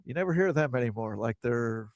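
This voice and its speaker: A man's voice: medium pitch, lively intonation, a little fast, gravelly, no room sound, clean studio sound. Questioning male radio co-host. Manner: questioning, poses hypotheticals. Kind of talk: casual sports talk.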